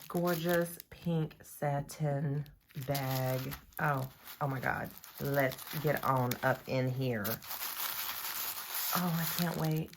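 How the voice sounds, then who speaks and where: A woman with a low, deep voice and a drawl chats at a slow, easy pace from her home nail salon. She unboxes nail art gear with excited gushing, gasps and sighs. Her tone stays casual and chatty, like a vlogger talking to regular viewers. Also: background noise. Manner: excitable, gushing, often gasping and sighing.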